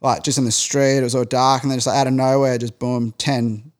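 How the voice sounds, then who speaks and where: A man's voice: mid-range voice, little pitch movement, brisk. A man telling a long story in casual chat, rambling and peppering his talk with fillers. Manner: rambling, heavy use of filler "like".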